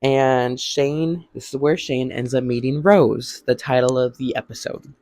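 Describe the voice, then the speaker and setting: A man's voice: medium pitch, fairly even intonation, a little slow, darkish tone, dry recording. A man casually recapping a TV episode in a vlog, rambling with lots of "like" and acting out what characters say. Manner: rambling, heavy use of "like", acts out quotes. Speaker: vlogger.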